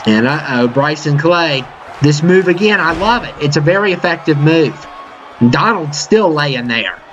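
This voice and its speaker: Man, wrestling game commentator, excitable, rambling fillers, somewhat high voice, muffled lo-fi audio, loud arena crowd behind. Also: normal speed. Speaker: play-by-play commentator for a video game wrestling show. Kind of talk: casual wrestling commentary over gameplay. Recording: dull lo-fi mic with game crowd and noise behind. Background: video game arena crowd noise.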